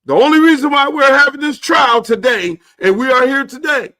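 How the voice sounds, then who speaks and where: A man acting out a blunt male judge who curses and insists loudly. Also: very high voice, moderate pace, pitched above the performer's own voice. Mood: insistent. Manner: loud, profane insistence.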